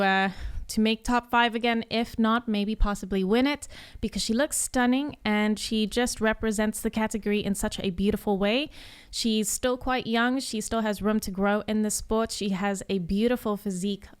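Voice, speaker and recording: A woman's voice: a little high, clean tone. A woman host giving her top picks, speaking with enthusiasm and lots of compliments. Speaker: show host. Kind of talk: scripted predictions segment.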